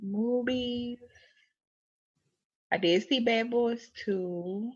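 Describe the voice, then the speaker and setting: A young adult woman co-hosting a podcast, chatting playfully and breaking into laughter between quick asides. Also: on the high side, darkish tone, highs cut off. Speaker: podcast co-host. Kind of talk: casual chat.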